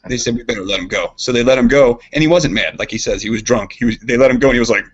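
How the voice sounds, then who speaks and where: A man co-hosting a podcast, telling a rambling story in casual chat, animated and laughing. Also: mid-range voice, racing, breathy edge. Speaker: podcast co-host. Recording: dull lo-fi podcast audio.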